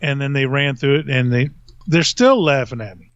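A man's voice: mid-range voice, normal speed, fairly bright tone, clear, resonant tone, no echo. Rambling, chuckling male podcast host. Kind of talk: casual storytelling. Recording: dull lo-fi sound.

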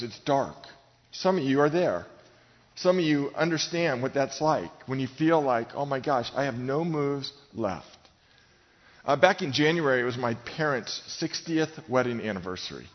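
A man's voice: medium pitch, lively intonation, moderate pace. Emphatic middle-aged male pastor preaching. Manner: emphatic, direct address to the congregation. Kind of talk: sermon. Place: large gym used for church services. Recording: long hall reverb, dull sound.

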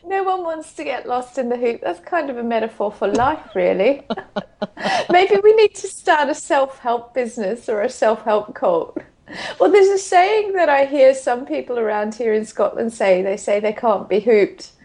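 A woman's voice: on the high side, normal speed. A woman with an Australian accent, co-hosting a podcast in casual, bawdy chat, giggling often as she tells stories. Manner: giggly, bawdy, animated storytelling. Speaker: podcast co-host. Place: home in Scotland.

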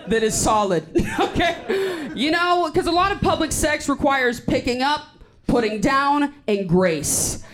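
A woman comedian on stage, teasing and brash, with mock-outraged outbursts, in a live comedy club. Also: on the high side. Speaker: stand-up comedian on a panel. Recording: live venue with loud crowd.

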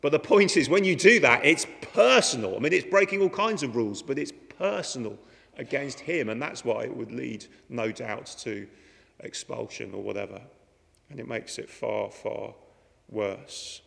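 A man preaches a sermon conversationally, often putting rhetorical questions to his listeners. His medium-pitched voice has vocal fry and a fairly bright tone, at a moderate pace. The recording carries a long hall reverb.

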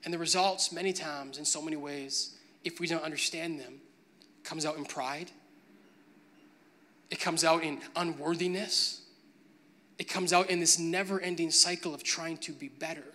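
A man's voice: on the high side, fairly even intonation, normal speed, pauses often, bright, forceful tone. A man preaching a sermon, moving from a conversational tone to emphatic, building preaching. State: briefly choked up with emotion.

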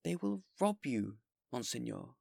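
A man's voice: high voice, wildly swooping pitch, unhurried, creaky, mellow, breathy edge, dry recording, clean studio sound, voice pushed up, heavily acted. A man voicing a fearful, frantic town mayor who pleads in alarm. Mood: anxious pleading.

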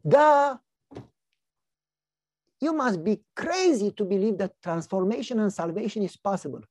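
A man voicing a skeptical, mocking male neighbor in a sermon story, with a husky voice. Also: high-pitched, sing-song, brisk, darkish tone, no room sound, studio quality. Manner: teasing, incredulous.

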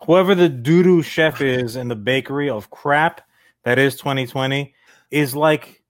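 A man's voice: medium pitch, measured pace, no room sound. A middle-aged man co-hosting a podcast, riffing and joking in casual chat over a remote call. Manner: joking, riffing with silly voices. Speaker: podcast co-host.

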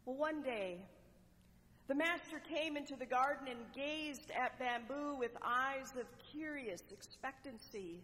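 A woman preacher telling a parable as a sermon, with measured delivery and dramatic pauses. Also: high voice, fairly bright tone, slight background noise. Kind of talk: sermon storytelling. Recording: long echoing hall reverb.

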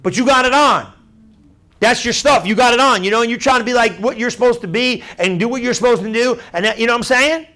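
A man preaching a sermon in a lively, conversational way, repeating his points and acting out what people say. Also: extremely high pitch, fast. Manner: animated, conversational, acts out crowd voices; repeats phrases, asks "you understand?".

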